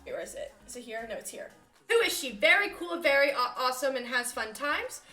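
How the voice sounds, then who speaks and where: A woman's voice: high voice, very animated, brisk, sharp tone. A woman streaming live, chatting casually in a bubbly, giggly, easily distracted way. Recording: roomy echo with faint music.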